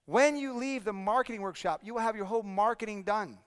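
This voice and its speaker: Man on stage at a seminar, high clear voice, long hall reverb, pumps up the crowd. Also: a little fast. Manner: energetic, drills the audience with repeated questions. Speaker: speaking coach presenting a workshop. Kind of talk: live seminar presentation to an audience. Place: conference hall with audience.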